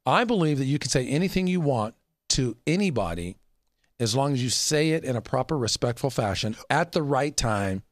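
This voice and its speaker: Emphatic coach guy chatting, lively ups and downs, dry close sound. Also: medium pitch, normal speed, dry recording. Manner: emphatic, laughs often. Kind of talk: casual chat.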